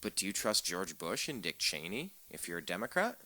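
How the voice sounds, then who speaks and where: A man's voice: sits low, big pitch swings, fairly quick, pushed and bright. A man hosting a political talk radio show, delivering a sarcastic, ranting monologue and stumbling over repeated words as he gets fired up.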